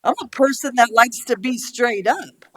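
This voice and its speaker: A woman's voice: a little high, moderate pace. A middle-aged woman speaks at a county board meeting in a blunt, angry rush. She swears freely and argues back hard, emotional and straight to the point. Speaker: county commissioner. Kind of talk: heated speech at a public meeting.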